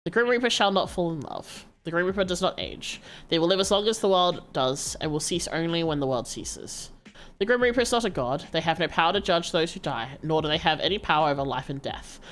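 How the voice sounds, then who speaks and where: A woman streamer reading a story game aloud, narrating in an expressive way. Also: on the low side, fairly quick.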